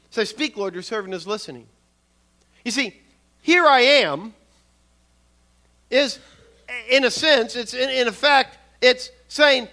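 Bright high-voiced older male preacher. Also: big pitch swings. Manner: measured, with repeated restarts and soft asides. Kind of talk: sermon.

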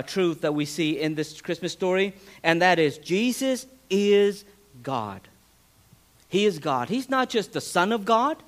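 High-voiced man preaching a sermon. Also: fairly bright tone. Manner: earnest preaching with restarts, voice rising and falling for emphasis. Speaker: pastor.

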